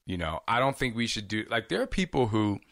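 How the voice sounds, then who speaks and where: A man's voice: on the low side, very animated, a little fast, fairly bright tone, dry recording, clean studio sound. A man hosting a casual question-and-answer vlog, talking candidly and chatty, rambling with asides. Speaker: fitness host answering viewer questions.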